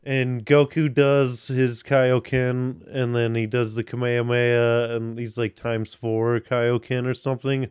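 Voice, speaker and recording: A man's voice: medium pitch, level tone, unhurried, few pauses, a little mellow, clean tone, dry recording, studio quality. A man hosting a podcast, chatting casually, rambling, swearing and restarting often. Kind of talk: casual chat.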